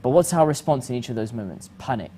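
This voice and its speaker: A man hosting a reflective religious talk, animated and acting out the voices he quotes. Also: mid-range voice, fast talker, a little hiss or hum. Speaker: host.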